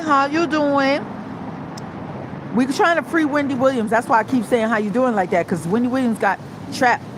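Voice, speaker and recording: A woman hosting a casual livestream from outdoors in the cold, greeting viewers and talking in a loud, profane, chatty way. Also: a little high. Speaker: livestream host. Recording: outdoor street noise behind.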